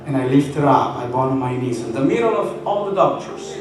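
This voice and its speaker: A man preaching a sermon as a minister, impassioned and building to shouted praise. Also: mid-range voice, lively intonation, fairly quick, noisy background. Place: church sanctuary. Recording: echoey church from far off with music.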